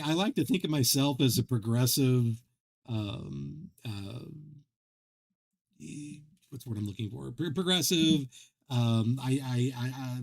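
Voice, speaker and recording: A man chatting casually while he streams a game. His pitch sits squarely mid-range, and he rambles through stories, stumbling over his words and laughing at himself. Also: darkish tone. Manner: rambling, self-deprecating storyteller with many restarts. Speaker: livestream host.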